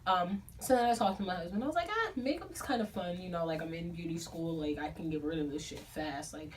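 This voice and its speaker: A woman's voice: fairly low pitch, quick pace, a little mellow. A young woman vlogging about a book, telling a casual, profane story with lots of fillers to the camera she films herself on. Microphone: camera filming herself. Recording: a bit distant from the mic, faint room noise.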